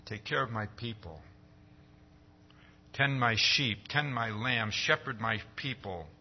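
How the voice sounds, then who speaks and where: A man preaching a conversational sermon, often pausing to ask "See?" and raising his voice as he acts out quoted dialogue. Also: medium pitch, lo-fi sound, a little hiss or hum. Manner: conversational, keeps asking "See?".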